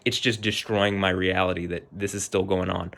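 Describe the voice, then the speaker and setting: A man's voice: low voice, level tone, moderate pace, vocal fry, fairly bright tone. Man ranting, shaken and angry. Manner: agitated, heated, repetitive, swearing. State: shaking with anger. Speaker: vlogger. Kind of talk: angry personal rant to camera.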